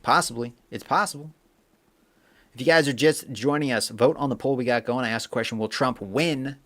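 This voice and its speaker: A man's voice: medium pitch, brisk, fairly bright tone. Male streamer, casual chatty delivery, filler-heavy, mid-range voice. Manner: chatty, reads viewer comments aloud, rambling with fillers. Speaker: livestream host. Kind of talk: casual live-stream chat.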